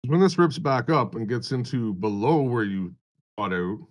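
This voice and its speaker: A man's voice: mid-range voice, animated, normal speed. A man hosting a casual trading stream, rambling and swearing freely. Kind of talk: casual chat.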